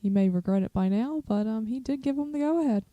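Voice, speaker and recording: A woman's voice: a little high, animated, brisk, dark tone, dry recording, dull audio. A woman co-hosting a podcast in casual chat, speaking hesitantly with many fillers. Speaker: podcast co-host.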